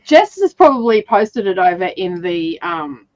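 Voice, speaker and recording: A woman's voice: on the low side, very animated, a little slow, darkish tone, no echo, muffled recording. An Australian woman hosting a casual reading livestream, chatty and laughing often as she greets viewers. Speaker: reading sprint host.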